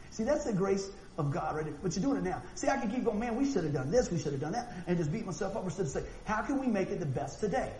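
A man preaching a sermon, animated and folksy, acting out quotes and often repeating words. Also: high-pitched. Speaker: pastor. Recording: echoey room with faint noise.

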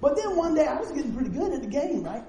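A male preacher delivering a storytelling sermon, animated and acting out the people in his stories, in a church sanctuary. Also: extremely high pitch, fast talker, crowd noise. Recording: roomy echoing sound with faint noise.

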